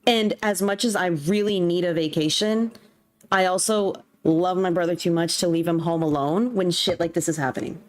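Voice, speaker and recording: A young woman streams live from home, bluntly ranting in casual chat while faint music plays in the background. Her voice is on the low side, with a steady tone and a moderate pace.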